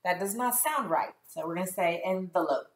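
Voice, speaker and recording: A woman's voice: on the low side, lively intonation, slight background noise. Patient teacher woman in an echoey room. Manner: slow, clear enunciation with drawn-out model words; patient and encouraging. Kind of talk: recorded phonics lesson for children.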